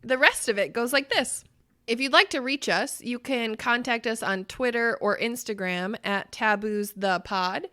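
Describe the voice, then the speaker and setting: A woman co-hosting a casual podcast, talking in a lively storytelling way with bursts of laughter. Her voice sits a bit high and sounds bright and clear. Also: unhurried. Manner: animated storytelling, breaks into loud laughter. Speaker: podcast co-host.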